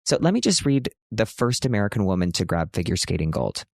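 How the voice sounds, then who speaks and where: A man's voice: on the low side, sing-song, brisk, vocal fry, dry recording, studio quality. A man in his thirties hosting a casual podcast from a hotel room, chatty and self-mocking, now and then jumping into a big dramatic announcer voice. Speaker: podcast host.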